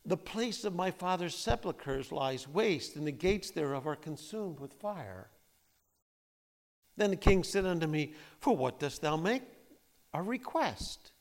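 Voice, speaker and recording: A man teaching a Bible study, reading scripture aloud and explaining it in a lively, conversational way. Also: on the high side, vocal fry. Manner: lively, conversational, acts out quotes.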